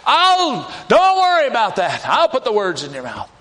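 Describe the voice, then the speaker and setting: A man's voice: very high voice, wildly swooping pitch, moderate pace, pushed and bright, big-room sound, pitched above the performer's own voice, heavily acted. A man preaching voices God speaking to Moses from the burning bush, raised and emphatic. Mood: reassuring.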